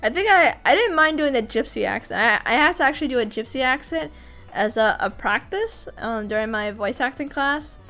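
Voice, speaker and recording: A woman voice actor chatting casually on a livestream, animated, laughing often and restarting sentences. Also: high-pitched, brisk, faint music behind. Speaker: voice actor and streamer.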